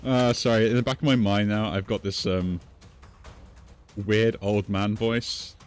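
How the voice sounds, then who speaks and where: A man with a low, deep voice talks casually through a game he is playing. He thinks out loud, weighing each move as he goes. Soft game music plays faintly in the background. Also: fairly even intonation, a little slow. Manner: musing, thinks aloud while playing. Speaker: gaming streamer. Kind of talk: casual gameplay commentary.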